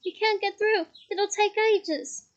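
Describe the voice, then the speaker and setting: A woman's voice: very high-pitched, fairly even intonation, takes it slowly, pitched above the performer's own voice. A woman voicing a loyal, frightened young wizard boy who speaks tensely and urgently. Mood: desperate.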